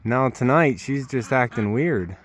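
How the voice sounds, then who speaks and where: A man vlogging from his homestead, talking softly and worriedly to a sick goat at the pen. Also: mid-range voice, animated, a little slow, heavy background noise. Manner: soft, worried, talks gently to his goats. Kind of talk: casual vlog with animals.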